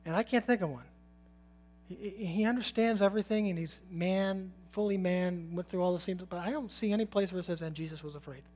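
A man's voice: sits high, brisk, a little mellow. A man preaching a sermon in an informal, conversational way, putting questions to his listeners and chuckling now and then. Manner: informal, asks the audience questions, chuckles often.

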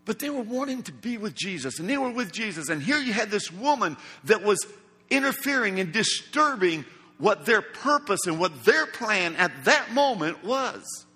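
A male preacher delivers a sermon in a high, bright, slightly husky voice. He speaks slowly and dramatically, acting out each quote. The sound rings with a long hall reverb. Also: sing-song. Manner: emphatic, slow and dramatic, acts out quotes.

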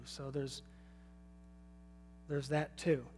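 A man with a fairly high, slightly mellow voice speaks slowly over light background noise. He preaches a sermon in a relaxed, conversational style, asking his listeners questions and chuckling often.

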